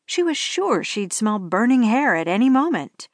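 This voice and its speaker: A woman narrating a romance audiobook in a steady storytelling manner. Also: a little high, moderate pace, no echo, clean studio sound. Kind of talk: scripted narration.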